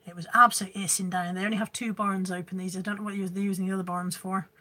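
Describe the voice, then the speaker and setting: This woman talks rapid-fire in a mid-range, level voice that sounds pushed and bright. She hosts a reseller live stream from home through her phone camera, chatting scatteredly, reading out comments, and rambling a bit.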